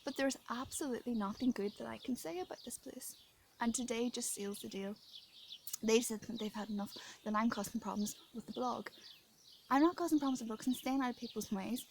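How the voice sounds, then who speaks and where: A woman's voice: fairly high pitch, brisk, creaky, a little hiss or hum. Shaken, indignant Irish woman outdoors. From Ireland. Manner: indignant, rambling, sometimes dropping into a whisper. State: shaken and upset. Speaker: vlogger. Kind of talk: emotional venting to camera. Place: outdoors in rural France. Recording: outdoor recording with birdsong behind.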